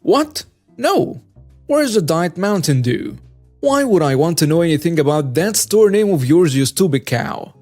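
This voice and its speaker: A man voicing a rude, entitled male shopper who makes indignant, shrill outbursts. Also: big pitch swings, unhurried, darkish tone, soft background music. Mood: demanding.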